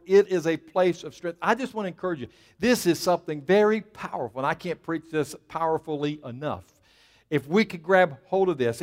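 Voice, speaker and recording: A man delivers a sermon, his voice sitting a bit high. He preaches emphatically, rising and falling in intensity, and speaks plainly to the congregation with frequent asides. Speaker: pastor.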